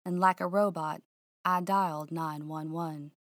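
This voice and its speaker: A woman narrating a first-person mystery audiobook in a hushed, suspenseful, drawling way. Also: low-pitched, fairly even intonation, unhurried, noisy background.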